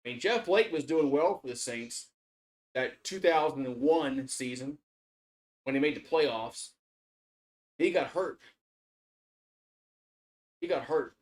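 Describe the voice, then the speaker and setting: A man's voice: on the high side, unhurried, long pauses. A man giving casual live play-by-play and reaction on a stream, rambling with repeated restarts, cursing and getting worked up. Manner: rambling, repetitive restarts, swearing, gets worked up.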